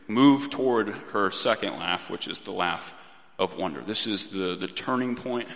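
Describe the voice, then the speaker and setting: A man in his thirties preaching a sermon in a gentle, reflective way, often restarting his phrases. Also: lowish voice. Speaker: pastor. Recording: long reverb of a church hall.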